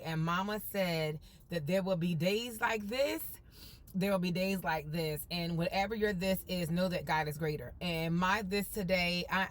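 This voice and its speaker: A woman's voice: mid-range voice, a bit bright, slight background noise. A woman live-streaming from a car on her phone, chatting casually with her viewers in a folksy, upbeat way. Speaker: vlogger.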